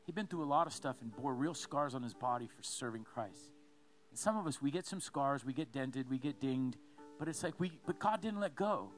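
A man preaching a sermon as a pastor, telling a story with lively asides and repeated phrases. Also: mid-range voice, normal speed, soft background music.

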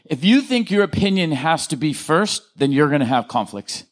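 A male pastor preaching a lively sermon, joking with the congregation and asking them to answer back. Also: on the high side, normal speed. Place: church.

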